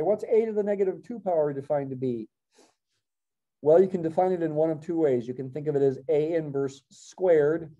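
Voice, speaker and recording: Middle-aged male math professor, very dark mellow tone, lecture delivery, corrects himself as he goes. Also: fairly high pitch, lo-fi sound. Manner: thinking aloud, self-correcting, wry asides. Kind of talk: classroom lecture.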